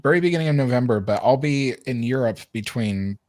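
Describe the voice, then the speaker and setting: A chatty man with a lively voice that swings up and down as he talks. He laughs often, and his voice sounds dry and close, with no room echo. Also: mid-range voice, brisk. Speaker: show regular. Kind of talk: casual group chat.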